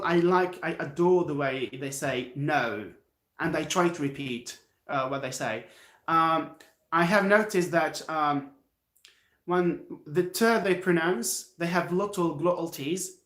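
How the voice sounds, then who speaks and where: A man's voice: on the high side, fairly bright tone, reverberant. Encouraging man with an Algerian accent. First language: Algerian Arabic. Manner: encouraging, repeats himself, answers chat. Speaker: English teacher. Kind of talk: live-stream English lesson. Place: his home.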